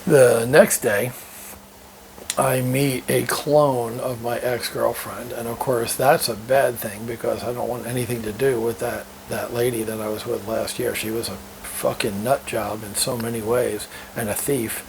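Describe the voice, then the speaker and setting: A man's voice: mid-range voice, little pitch movement, a little slow, creaky, a little hiss or hum, low-quality recording. A middle-aged man talking casually and bluntly, swearing freely and chuckling between remarks. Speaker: vlogger. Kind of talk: casual monologue. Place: living in Thailand.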